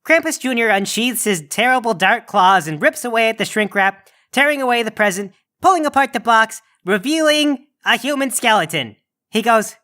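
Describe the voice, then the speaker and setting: A man's voice: extremely high pitch, expressive, moderate pace, sharp tone. A man narrating as game master of a comedic tabletop game, switching between narration and character lines.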